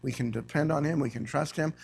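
Man, preacher, sermon, gravelly, slightly high voice, emphatic scripture reading. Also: quick pace. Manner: rising to loud emphatic preaching, reads scripture aloud. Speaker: guest preacher. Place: church.

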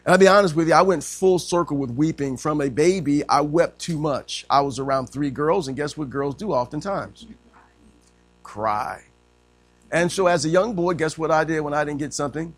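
A middle-aged man preaching a sermon in a folksy way, sprinkling in amens and swinging between loud emphasis and hushed tones. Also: a little high, normal speed, dry recording. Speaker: pastor.

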